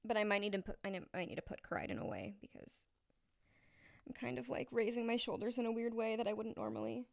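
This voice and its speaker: A woman singer chatting casually on a livestream between vocal takes, reading chat aloud and clearing her throat often. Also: a little high, fast talker, dry recording, studio quality. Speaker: singer streaming vocal tracking.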